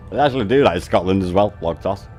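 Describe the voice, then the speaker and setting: A man's voice: fairly low pitch, a little mellow. A man, chatting casually on a game stream, swearing constantly and laughing often as he banters with his viewers. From North West England.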